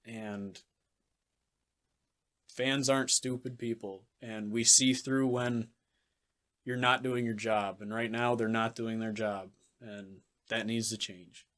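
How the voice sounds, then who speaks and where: A man's voice: fairly low pitch, fairly even intonation, slow, long pauses, a bit bright. A man co-hosting a sports podcast in casual chat, blunt and ranting, swearing freely as he makes his case. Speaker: podcast co-host.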